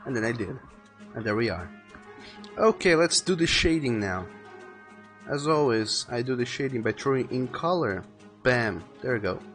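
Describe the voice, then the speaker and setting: A man's voice: mid-range voice, lively intonation, moderate pace, long pauses, a bit bright. A man chatting casually while drawing on a live stream, rambling and thinking aloud, often repeating words as he goes. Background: faint music playing.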